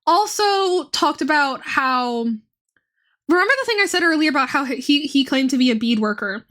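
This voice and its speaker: A woman's voice: high-pitched, animated, moderate pace, fairly bright tone. A young woman streaming and chatting casually, rambling with lots of fillers and swearing. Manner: rambling, profane, many fillers.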